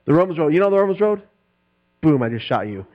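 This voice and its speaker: A middle-aged man preaching a sermon, swinging between loud, animated preaching and quiet asides. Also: a little high, quick pace. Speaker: pastor. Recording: dull lo-fi recording with mains hum.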